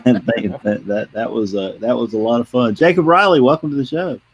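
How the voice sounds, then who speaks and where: A man's voice: medium pitch, brisk. A man with a Southern US accent, co-hosting a casual chat, laid-back and full of "uh" fillers. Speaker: co-host.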